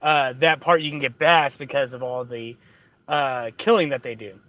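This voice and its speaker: A man's voice: mid-range voice, moderate pace, pushed and bright, dry recording. A man telling a movie plot in casual chat, rambling through fillers and restarts.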